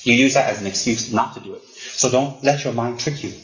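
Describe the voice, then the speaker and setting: A man teaching Buddhism to students, animated and teasing, often repeating himself for emphasis. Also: medium pitch, fast. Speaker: Buddhist lama. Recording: roomy, dull lo-fi hall recording.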